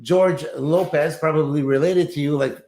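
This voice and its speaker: Male co-host, raised pitch, reassuring jokey manner, roomy reverb. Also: fairly even intonation, a crowd in the background. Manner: encouraging, joking, halting with fillers. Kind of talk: casual interview chat.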